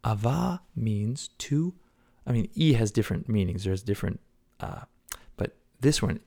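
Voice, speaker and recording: Earnestly preaching a devotional podcast sermon, a man swings between loud exhortation and hushed whispers. His voice sits on the low side, animated and a little slow, with vocal fry.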